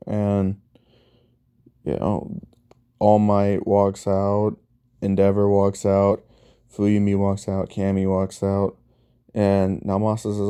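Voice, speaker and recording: Guy slowly rambling thru a fan story, deep mellow voice, lots of like and you know. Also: flat delivery, clear, resonant tone. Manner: rambling, filler-heavy retelling. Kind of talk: casual fan-story narration.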